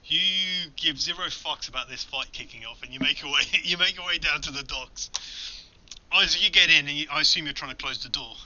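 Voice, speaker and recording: A man's voice: on the high side, fairly quick, hardly any pauses, bright, forceful tone. A man running a tabletop horror game, talking loosely, swearing and laughing. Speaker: game master. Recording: dull lo-fi recording.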